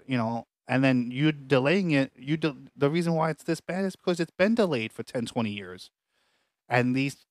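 A man co-hosting a podcast, telling a long story casually with restarts and animated retellings, recorded at home. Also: mid-range voice, no room sound. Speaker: podcast co-host. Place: home apartment.

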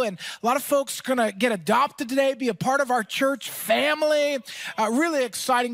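A man preaching a sermon as pastor, energetic and emphatic, with casual fillers and quick asides. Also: very high voice, no echo.

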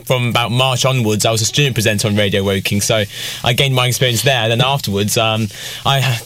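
A man's voice: medium pitch, steady tone, fast talker, a bit bright. A young man who presents on local radio, explaining his new show in an upbeat, casual way and laughing easily.

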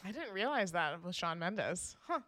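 A woman's voice: fairly low pitch, normal speed, no room sound, studio quality. A young woman co-hosting a podcast, talking as an enthusiastic fan in casual chat. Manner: enthusiastic fan, lively and expressive. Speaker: podcast co-host.

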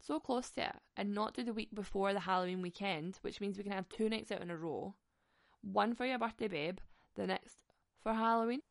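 A woman's voice: medium pitch, a little fast, vocal fry, no room sound, studio quality. A young woman hosting a podcast, telling stories in a sweary, chatty way and laughing often. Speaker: podcast host. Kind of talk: casual storytelling chat.

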